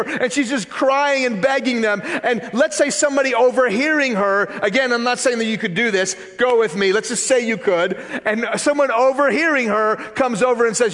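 Man, pastor, high voice, animated conversational sermon, long hall reverb. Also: normal speed. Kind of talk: sermon with storytelling.

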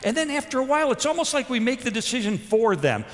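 Animated male preacher in a reverberant hall. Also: very high voice, fast. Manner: animated, shifts between loud emphasis and soft intensity. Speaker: pastor. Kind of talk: sermon with storytelling.

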